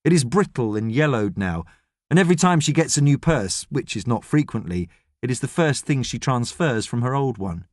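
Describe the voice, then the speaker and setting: A man narrating an audiobook with an expressive storytelling delivery. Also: mid-range voice, normal speed, dry recording. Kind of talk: scripted narration. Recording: dry studio sound.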